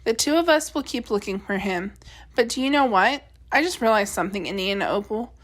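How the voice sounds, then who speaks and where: A woman voicing a gentle, sorrowful middle-aged preacher, speaking softly and slowly in a storybook reading. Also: medium pitch, expressive, close to an everyday voice.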